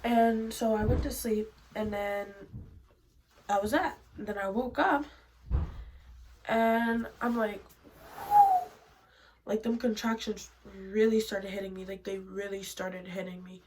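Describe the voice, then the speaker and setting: Young woman vlogging, chatty story, goes quiet then loud, bit of faint hiss. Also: mid-range voice, takes it slowly, long pauses, poor audio. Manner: animated, swings between hushed asides and sudden loud bursts. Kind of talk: casual storytelling.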